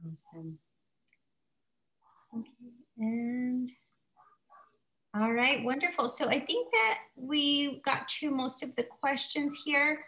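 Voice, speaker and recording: Cheery woman hosting an online college q&a, kinda high voice. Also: expressive, slow pace, pauses often, sharp tone, low-quality recording. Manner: upbeat and encouraging. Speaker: event host. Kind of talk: online info session Q&A.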